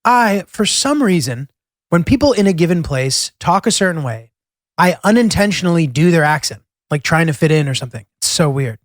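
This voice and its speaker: A man's voice: on the high side, sing-song, fairly quick, no echo, clean studio sound. A young man from the United States narrating his road trip in a casual, self-deprecating way, full of "like" and asides. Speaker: travel vlog narrator. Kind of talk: scripted travel narration.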